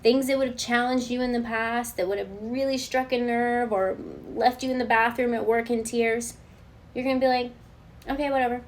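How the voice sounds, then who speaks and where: A woman's voice: a little high, steady tone, normal speed, a little hiss or hum. A woman giving a spoken tarot reading and channeled guidance, earnest and reassuring, often checking in with her listener. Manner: earnest and spiritual, talks straight to the viewer. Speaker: tarot card reader.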